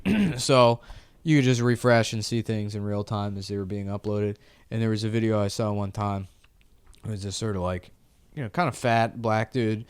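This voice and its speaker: A man co-hosting a podcast, cracking crude jokes in a deadpan way. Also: lowish voice, moderate pace, clean tone, no echo. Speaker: podcast co-host. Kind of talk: casual comedic chat.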